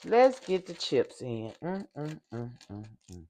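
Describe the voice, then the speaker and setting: An older woman chatting casually to viewers while baking in her home kitchen. She hums along as she works and sometimes gets loud in the microphone. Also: deep voice, sing-song, a little slow. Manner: loud at times, apologizes for yelling into the mic. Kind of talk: casual cooking vlog.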